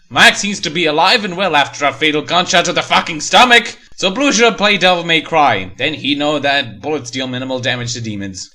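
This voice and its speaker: A man's voice: fairly high pitch, bright, forceful tone. A man reading a horror story aloud for comedy, breaking in with sarcastic, mocking asides. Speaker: story reader and reviewer.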